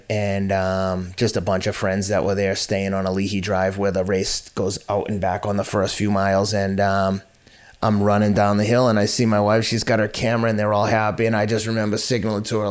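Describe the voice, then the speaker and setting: A man in his fifties, a podcast guest, telling his story in a blunt, self-mocking way with casual swearing. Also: fairly low pitch. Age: 50s. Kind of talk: candid storytelling interview.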